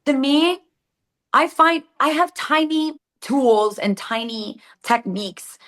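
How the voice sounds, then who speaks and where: A woman's voice: high voice, takes it slowly. A woman with a Latin American Spanish accent, a native Spanish speaker, telling stories animatedly in an interview and acting out quotes. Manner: animated storytelling with acted-out quotes. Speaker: actress guest. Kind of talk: casual interview answers.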